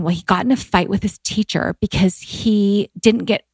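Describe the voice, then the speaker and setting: A woman's voice: mid-range voice, moderate pace, breathy edge, no room sound. Heartfelt woman in her forties, dry sound. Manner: heartfelt, filler-heavy with many "like"s, voice rising when emotional. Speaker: podcast guest. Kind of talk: candid conversational storytelling.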